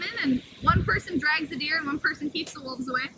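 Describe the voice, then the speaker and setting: With background noise around her, a woman wolf caretaker speaks at a quick pace outdoors beside the wolf pens, casually and enthusiastically explaining things to the camera. She talks to the wolves in a high sing-song voice.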